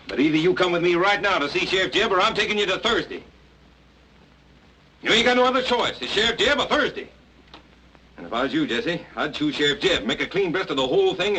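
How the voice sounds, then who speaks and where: A man's voice: sits high, bright, forceful tone, slight background noise, heavily acted, low-quality recording. An actor playing a determined young Southern man in a 1940s film, pressing hard with an insistent manner. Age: young adult. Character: determined young swamp-country man, stubborn.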